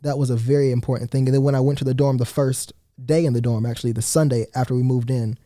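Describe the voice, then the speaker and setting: A teenage boy from Atlanta, Georgia, speaking as a guest in a relaxed, measured and polite way. His voice is mellow and dark, recorded close and dry with no room sound. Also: mid-range voice, dry recording. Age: teens. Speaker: guest student. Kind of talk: casual interview answers.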